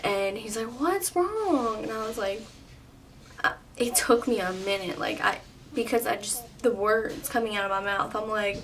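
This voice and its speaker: A woman's voice: mid-range voice, level tone, moderate pace. Chatty young woman telling a story. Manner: chatty, lots of "like", laughs often. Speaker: vlogger. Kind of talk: casual storytime. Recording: slightly distant, faint room noise.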